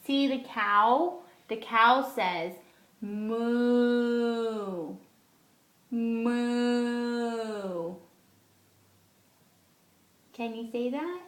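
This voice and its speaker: A woman teaching a toddler animal sounds in gentle, repetitive, coaxing baby talk. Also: on the high side, lively intonation, slow, echoey room.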